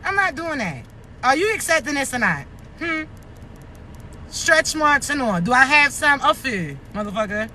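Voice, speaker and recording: A woman's voice: sits high, big pitch swings, moderate pace, bright, forceful tone, a little hiss or hum. Blunt, profane woman in her thirties. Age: 30s. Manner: blunt, profane, rhetorical questions. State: short of breath. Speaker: vlogger. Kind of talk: casual rant to camera.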